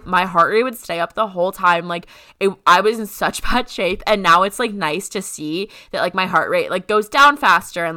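A young adult woman co-hosting a podcast, relaxed and chatty, laughing often and steering the conversation along. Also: on the low side, clear, resonant tone. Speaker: podcast co-host. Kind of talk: casual chat.

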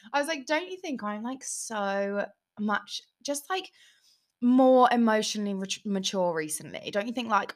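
A woman's voice: mid-range voice, pushed and bright. A young woman hosting her podcast in a chatty, self-mocking way, laughing often. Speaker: podcast host. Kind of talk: casual chat.

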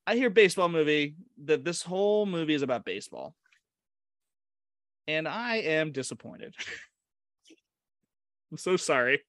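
A man's voice: on the high side, expressive, measured pace, pauses often, a bit bright, dry recording, clean studio sound. A man co-hosting a casual movie podcast, chatty and hesitant, often restarting his sentences and laughing. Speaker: podcast co-host. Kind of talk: casual movie-discussion chat.

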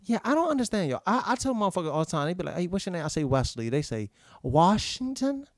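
A man's voice: high-pitched, racing, dry recording, studio quality. A young man from Maryland co-hosting a podcast, chatting casually, swearing and asking his co-host questions. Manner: animated, profane, asks questions. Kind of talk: casual chat.

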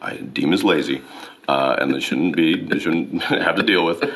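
A man's voice: extremely low pitch, moderate pace, fairly bright tone. An American man, an actor being interviewed, talking in a rambling, casual way packed with fillers like "you know" and "like.".

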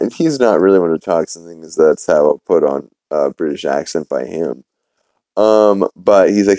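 Brief: low, dark-voiced male podcast host, rambling casual recap, dry close mic. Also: moderate pace, no room sound. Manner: rambling, filler-heavy, swears casually.

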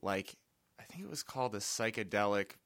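A man's voice: fairly low pitch, lively intonation, brisk, fairly bright tone, no room sound, studio quality. A man chatting casually on a podcast, laid-back and hesitant, with lots of fillers. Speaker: podcast regular. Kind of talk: casual chat.

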